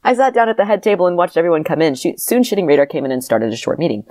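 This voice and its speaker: A woman co-hosting a podcast, reading a childhood story aloud in a deadpan way and breaking into laughter between lines. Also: fairly low pitch, rapid-fire, no room sound.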